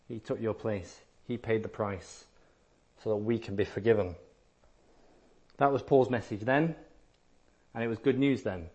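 A man's voice: mid-range voice, darkish tone. A man preaching a sermon, emphatic and repetitive, sometimes acting out listeners in a lighter voice.

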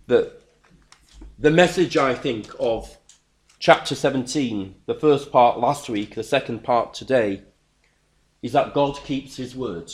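A man's voice: mid-range voice, a little slow. A man preaching a sermon, earnest and emphatic, repeating words as he builds his points.

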